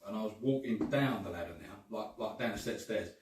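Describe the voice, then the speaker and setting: A man's voice: fairly low pitch, brisk. Chatty swearing man. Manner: swearing, chatty, says "right?" and "mate" a lot. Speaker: guest panellist. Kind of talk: casual chat storytelling. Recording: echoey room from far off, faint noise.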